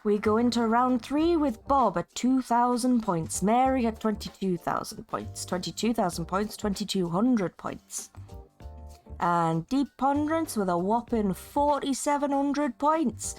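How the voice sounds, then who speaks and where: A woman voicing a brash male game show announcer with a mixed Geordie and Scottish accent, booming and showy. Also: lively intonation, measured pace, darkish tone, faint music behind.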